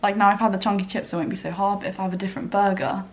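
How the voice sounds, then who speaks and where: A woman's voice: medium pitch, flat delivery, very fast. Chatty young woman, rambling. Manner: rambling, full of "like" and quoted inner voices. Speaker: vlogger. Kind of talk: casual chat. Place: dining room table at home.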